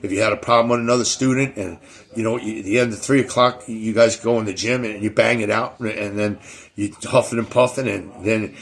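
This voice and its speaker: Gravelly-voiced man, rambling talk. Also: lowish voice, steady tone, fairly quick. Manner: rambling, repeats words and restarts often. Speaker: show host. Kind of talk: casual monologue.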